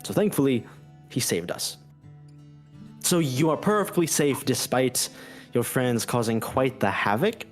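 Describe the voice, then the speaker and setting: A man's voice: medium pitch, animated, unhurried, long pauses, soft background music, natural voice. A man voicing a nervous, fussy male academy headmaster with glasses who talks in an uneasy, rambling way.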